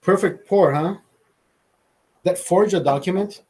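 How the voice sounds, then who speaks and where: A high-voiced man chats on his livestream, rambling from one thought to the next. He swears freely and breaks into laughter often. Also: unhurried, darkish tone, slightly rough. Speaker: livestream host. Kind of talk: casual livestream chat.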